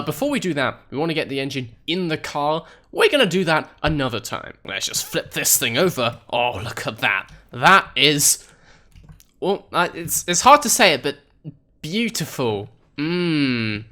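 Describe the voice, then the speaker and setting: A man's voice: on the high side, sharp tone. A man hosting a let's play video, giving playful, sarcastic commentary while talking straight to his viewers. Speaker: gaming video host.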